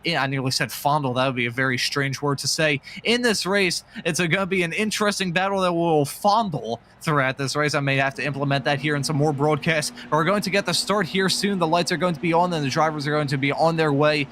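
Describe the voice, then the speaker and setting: Bright-voiced upbeat male race commentator. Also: fairly high pitch, fairly quick, few pauses, slight background noise. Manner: chatty and upbeat, jokes between calls. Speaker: lead commentator. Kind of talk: sim racing broadcast commentary. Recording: faint music bed behind.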